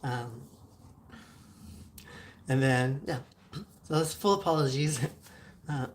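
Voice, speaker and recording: A woman's voice: extremely low pitch, slow, slight background noise. Woman host, casual solo chat, phlegmy throat, lots of ums and giggles, from Southern California. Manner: chatty, many ums and likes, giggles often. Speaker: show host. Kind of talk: casual solo talk to viewers.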